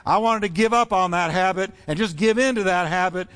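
A man's voice: high voice, a little fast, a bit bright. A man preaching a sermon as pastor, fervent and rhythmic, building repeated phrases. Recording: long reverb in a large hall.

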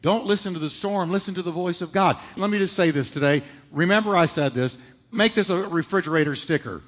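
A man with a high voice preaches a little fast in a church sanctuary, emphatic as he asks rhetorical questions and answers them. He's a pastor, and the hall is reverberant.

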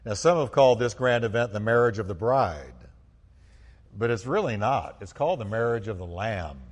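A man preaches to his church with fervent conviction, his voice at a middle pitch that climbs into loud bursts of praise. He calls the congregation to join in. The sound carries a long reverb from the sanctuary. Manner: fervent, rising to loud exclamations; asks the congregation to respond. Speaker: pastor. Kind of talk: sermon.

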